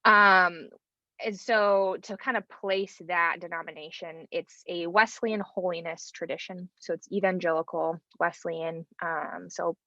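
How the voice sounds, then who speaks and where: A woman in her thirties from rural North Idaho, a pastor and theologian, talks casually as an interview guest, chatty and full of fillers and "like." Her low-leaning voice is steady, a little slow, pushed and bright. The recording is muffled with no room sound.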